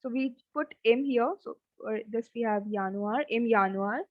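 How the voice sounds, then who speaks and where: Lady teaching a lesson, kinda high voice, says every word like 3 times, dry muffled lo-fi audio. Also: no echo. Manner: slow, repeats each word several times. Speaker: German teacher. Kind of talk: online language lesson. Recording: dull, dry lo-fi sound.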